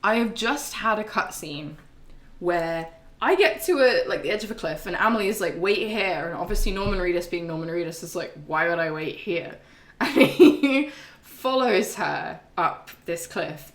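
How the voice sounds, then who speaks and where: A woman's voice: medium pitch, animated, normal speed. A woman streamer giving a casual, rambling game recap to her live chat, swearing freely and full of ums and laughs. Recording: roomy echo.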